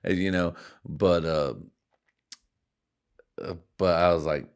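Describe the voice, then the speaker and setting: A man's voice: sits low, fairly even intonation, slow pace, clear, resonant tone. A man from California hosting a podcast, talking in a rambling, profane comic monologue and often laughing at his own jokes. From California, USA. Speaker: podcast host.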